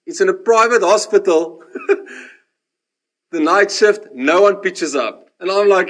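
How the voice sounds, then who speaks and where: A man delivers a sermon through his own story. His voice sits fairly high. He gets animated at the dramatic moments and drops to a hush when he turns reflective. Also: normal speed. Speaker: preacher. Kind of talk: sermon with personal testimony.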